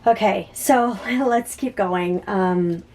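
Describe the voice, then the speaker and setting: A woman giving a spontaneous tarot reading to camera. She talks in an excited, halting way, with many restarts, and sometimes drops to soft murmurs. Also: mid-range voice. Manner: drops to soft whispers while shuffling cards. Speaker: psychic tarot reader.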